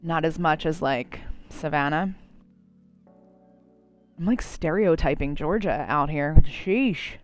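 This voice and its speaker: A woman's voice: deep voice, takes it slowly, long pauses, faint music behind. A woman with a New Jersey accent, chatting casually and rambling while she draws on a live stream. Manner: chatty, rambling, many likes and you knows. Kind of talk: casual chat while drawing.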